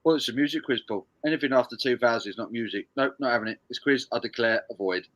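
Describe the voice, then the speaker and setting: Fast-talking and a bit bright, a man with a mid-range voice hosts a charity music quiz on a live stream. He reads viewers' answers, trades banter, and laughs and swears often.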